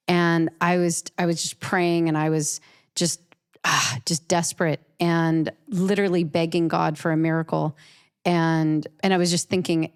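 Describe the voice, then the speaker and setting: Smooth-voiced woman telling a story. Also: low voice. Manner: earnest, emotional, with frequent restarts and repeated words. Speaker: professional artist, interview guest. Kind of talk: personal storytelling in an interview.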